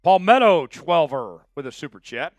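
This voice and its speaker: A man's voice: fairly high pitch, moderate pace, dry recording. A man hosting a live draft stream, chatting casually with viewers and hyping each pick. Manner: chatty, excitable, hypes viewers for likes.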